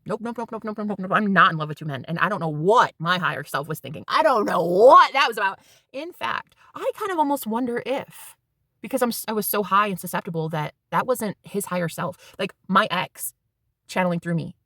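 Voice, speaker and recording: A woman's voice: mid-range voice, lively intonation, a little fast, bright, forceful tone, dry recording, studio quality. A woman in her thirties telling a rambling, casual story to her vlog viewers and swearing freely. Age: 30s. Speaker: spiritual vlogger.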